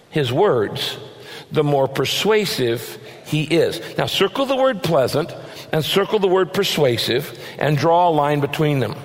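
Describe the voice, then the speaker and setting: Man preaching a sermon, kinda high voice, earnest, drags out the key words, big echoey church hall. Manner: earnest, varies pace, slows to stress scripture. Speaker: pastor. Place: large church auditorium.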